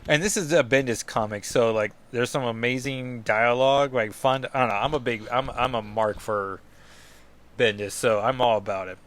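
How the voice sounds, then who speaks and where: Chatty man, podcast comic reviewer, rambling asides, middle pitch. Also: moderate pace, a bit bright. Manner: rambling, self-deprecating, full of fillers and asides. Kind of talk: casual comic book review talk.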